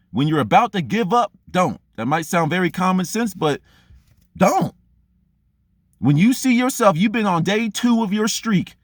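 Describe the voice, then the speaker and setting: A man's voice: sits high, no room sound, studio quality. A man giving a blunt, profane motivational monologue as a vlogger, unscripted and intense. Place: remote outdoor spot.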